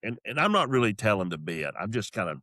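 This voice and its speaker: A man's voice: fairly low pitch, fast, no room sound, clean studio sound. A middle-aged man with a Southern accent, a comedian casually telling a story. He moves in and out of quoted voices as he talks. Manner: animated, acts out voices and quotes. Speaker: comedian guest.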